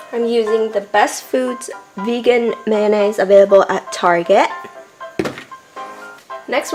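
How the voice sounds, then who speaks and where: A woman's voice: fairly high pitch, reverberant, far from the mic, low-quality recording. A woman chatting casually in a home cooking vlog, enthusiastic as she cooks and tastes her food. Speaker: home cook vlogger. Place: home kitchen.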